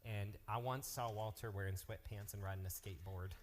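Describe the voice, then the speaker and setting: A man working as a youth pastor, making lively, joking announcements and telling stories to a live youth group. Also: on the low side, fairly quick. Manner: energetic, joking, jumps between topics.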